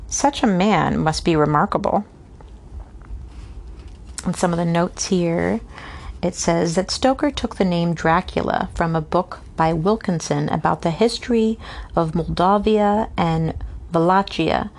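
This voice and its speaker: Woman reading a classic novel aloud, low-voiced. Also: darkish tone. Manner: reads steadily, stumbles on hard names and pauses for unscripted asides. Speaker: reader. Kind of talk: casual read-aloud of a novel with asides.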